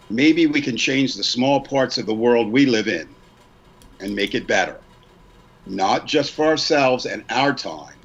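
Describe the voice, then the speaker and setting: A man's voice: medium pitch, vocal fry, fairly bright tone, husky, muffled recording. A man in his sixties, a podcast co-host, earnestly reading a prepared statement and repeating lines for emphasis. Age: 60s.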